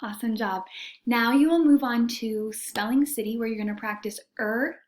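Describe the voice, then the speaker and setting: A woman teacher giving a recorded reading lesson to young students, sounding out letters and vowel sounds with slow, careful diction. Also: on the high side, darkish tone.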